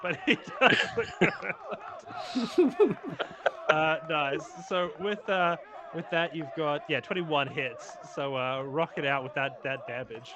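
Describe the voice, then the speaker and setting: A man's voice: a little high, a little slow. Male game master, chatty narration, lots of laughs and "uh"s, noisy room. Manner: laughing often, filler-heavy.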